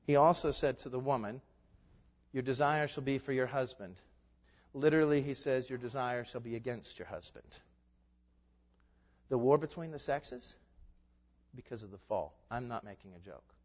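A man preaching a sermon as pastor, emphatic, asking rhetorical questions and swinging between loud declarations and hushed asides. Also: mid-range voice, moderate pace, long pauses. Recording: echoey hall, dull lo-fi sound.

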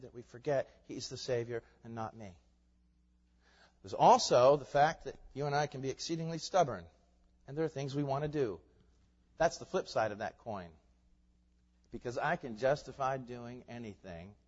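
A pastor preaching a sermon, shifting from quiet conversational asides to loud, emphatic, building climaxes. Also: male voice, mid-range voice. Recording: long reverb, dull lo-fi sound.

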